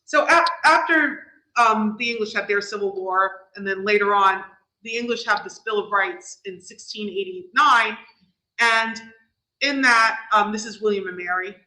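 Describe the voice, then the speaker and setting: A woman's voice: mid-range voice, moderate pace, bright, forceful tone, reverberant, rough recording. A middle-aged woman with a New York accent giving an informal lecture, explaining step by step with frequent restarts and fillers. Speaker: guest lecturer.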